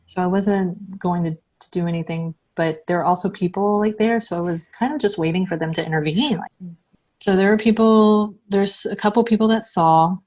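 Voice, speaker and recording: A woman from the United States telling her own story as an interview guest, halting and full of restarts. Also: mid-range voice, a little mellow. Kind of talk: personal recounting.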